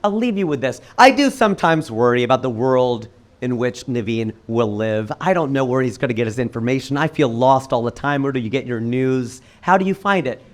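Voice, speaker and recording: A man performing a stand-up comedy set on stage, telling stories with sudden jumps in pitch and loudness. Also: fairly quick. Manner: animated storytelling with sudden jumps in pitch and volume. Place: comedy club stage with live audience.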